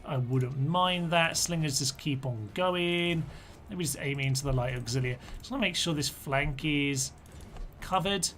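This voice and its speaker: A man's voice: fairly high pitch, fairly bright tone. A man, chatting casually as he streams a strategy game and mutters orders to his units. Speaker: gaming streamer. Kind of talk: live strategy game commentary.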